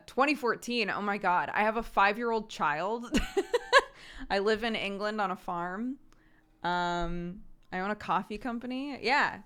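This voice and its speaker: A woman's voice: medium pitch, fairly bright tone, clean tone. A woman in her thirties chatting casually with her stream viewers, telling home stories and laughing often. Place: home in the countryside.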